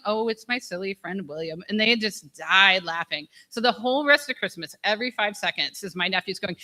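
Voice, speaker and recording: A woman's voice: mid-range voice, expressive, moderate pace, sharp tone, a little hiss or hum. A woman giving a memorial speech, telling funny stories, laughing often and swearing candidly. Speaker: eulogy speaker. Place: memorial gathering.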